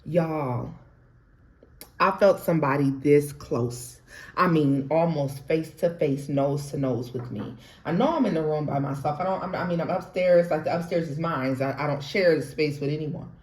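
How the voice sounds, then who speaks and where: A young woman telling her own ghost story in an animated, chatty way, talking straight to viewers and laughing often. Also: low-pitched, moderate pace. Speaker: tarot reader and storyteller. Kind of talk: casual storytime vlog. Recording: roomy echo.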